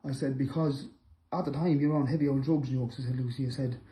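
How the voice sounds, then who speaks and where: Angry man, bright and sharp. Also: mid-range voice, steady tone, fast talker, low-quality recording. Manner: accusing, repetitive, rising to shouting bursts. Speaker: man addressing a rival on camera. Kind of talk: angry direct-to-camera callout.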